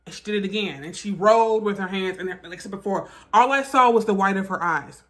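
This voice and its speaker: A woman vlogger telling a personal story in a casual storytime style, animated, profane and emphatic. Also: mid-range voice, a little fast, background noise.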